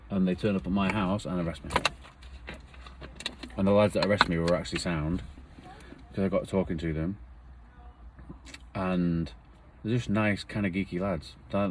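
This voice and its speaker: A man's voice: deep voice, steady tone, normal speed, long pauses, slight background noise. A man earnestly retelling a painful personal story in a rambling, emotional way.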